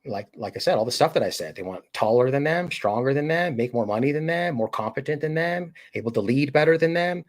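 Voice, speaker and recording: Medium-pitched and lively in intonation, this man talks briskly with hardly any pauses. He's a casual live streamer chatting to his viewers in a rambling, filler-packed way, acting out any voices he quotes.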